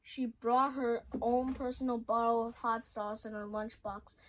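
A woman's voice: fairly high pitch, fairly even intonation, a little hiss or hum, rough recording. A woman reading a children's story aloud, stumbling and restarting words as she goes. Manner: halting, frequent restarts and self-corrections. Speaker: story reader.

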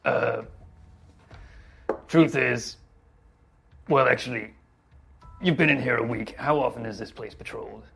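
A man playing in a tabletop role-play, questioning a character in a playful way, laughing often and filling pauses. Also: medium pitch, gravelly, a bit bright, faint music behind. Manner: playful, laughs between lines, trails off with fillers. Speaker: player.

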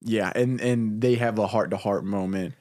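A man's voice: on the low side, steady tone, moderate pace, darkish tone, no echo, studio quality. A man in casual comedy banter, agreeable and easygoing.

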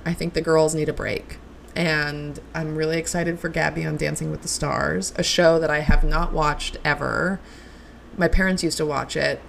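A woman's voice: fairly low pitch, creaky, a little hiss or hum. A young woman hosting a solo podcast, gushing and chatty with lots of likes and ums. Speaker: podcast host. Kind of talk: casual solo podcast chat.

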